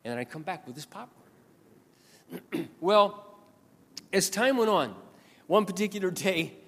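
A man preaching a sermon in a storytelling way, animated and swinging between loud passages and quiet asides. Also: high-pitched, a little slow, in a large hall. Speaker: pastor.

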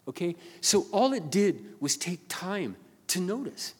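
An older man preaching as a pastor, telling a story earnestly and haltingly, often repeating his words. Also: sits high, animated, husky. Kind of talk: sermon storytelling. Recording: long reverb of a large hall.

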